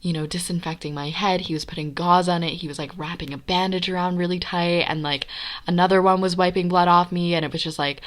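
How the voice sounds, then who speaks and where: A young woman recounting a story on a podcast, her voice sitting a little low for a woman. She talks casually and animatedly, leaning on fillers like "like" and "right?" as she goes. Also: fairly even intonation, fairly quick. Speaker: podcast guest telling a personal story.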